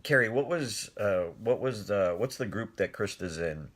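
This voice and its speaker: Animated middle-aged man telling a story. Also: on the low side, normal speed. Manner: animated, laughs often, talks to viewers' comments. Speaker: speaker telling a story on a live stream. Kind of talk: casual storytelling.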